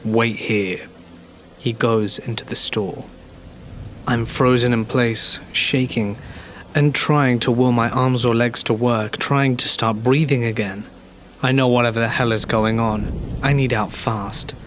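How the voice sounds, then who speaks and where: Calm male horror narrator, soft rain. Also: mid-range voice, unhurried, slight background noise. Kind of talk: scripted narration. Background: gentle rain.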